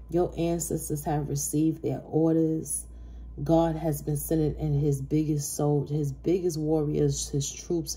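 A woman's voice: deep voice, warm tone. Brash, profane woman tarot reader. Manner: brash, profane and emphatic, laughs often. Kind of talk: tarot reading.

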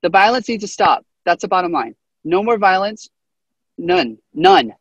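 A man's voice: high voice, wildly swooping pitch, moderate pace, gravelly, a bit bright, breathy edge, no room sound, dull audio. A man guest arguing emphatically, repeating his points in a heated debate. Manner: emphatic, repetitive. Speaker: podcast guest.

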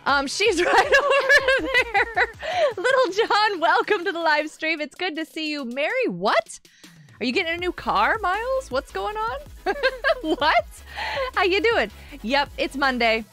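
A woman's voice: extremely high pitch, big pitch swings, unhurried, sharp tone, faint music behind. A woman chatting casually on a gaming live stream from a carpeted room at home, giggly and laughing often.

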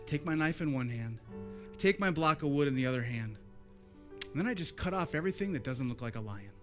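A man voicing a calm, patient wood carver who speaks in a soft, matter-of-fact way. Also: medium pitch, a little fast, soft background music, close to an everyday voice.

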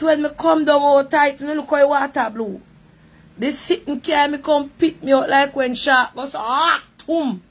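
A woman with a Jamaican accent telling a lively story in patois on her live stream. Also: on the high side. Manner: animated, repetitive patois storytelling.

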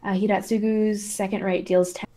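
A woman's voice: medium pitch, little pitch movement, moderate pace, dark tone. A woman co-hosting a casual podcast, asking questions and chiming in with short acknowledgements. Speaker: podcast co-host. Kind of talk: casual chat about tabletop game world-building.

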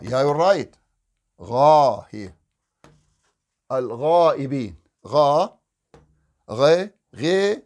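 Man drilling letter sounds. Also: medium pitch. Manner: drills letter sounds in short repeated syllables, corrective; recites Quranic phrases in melodic chant. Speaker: Quran recitation teacher. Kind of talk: live online Qaidah lesson.

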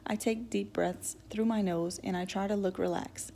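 A woman narrating a novel in the first person with steady, even storytelling. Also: medium pitch, moderate pace, gravelly, slight background noise. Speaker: audiobook reader.

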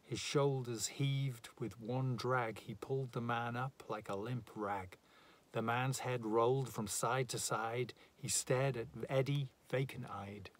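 A man reads a narrative poem aloud at an unhurried pace. His voice sits at a medium pitch, and he gives each line a measured, dramatic weight. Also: fairly even intonation. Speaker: reader.

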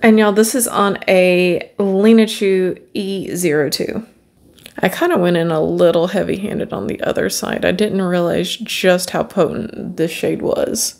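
A woman's voice: lowish voice, fairly even intonation, a little slow, creaky, a little mellow. A woman beauty vlogger talking viewers through a makeup tutorial in a chatty, upbeat way, often calling them friends.

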